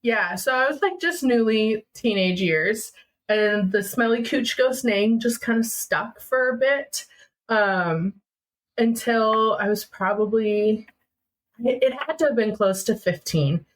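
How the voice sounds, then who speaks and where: A woman's voice: on the high side, takes it slowly, poor audio. A young woman from Minnesota telling a personal story as a podcast guest, acting out what family members said. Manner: animated, acting out family dialogue.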